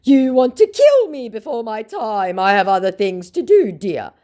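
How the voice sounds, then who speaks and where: A woman voicing a whiny, defensive young male online scammer who pleads and protests in drawn-out words. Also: on the high side, big pitch swings, warm tone, pitched above the performer's own voice. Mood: pleading.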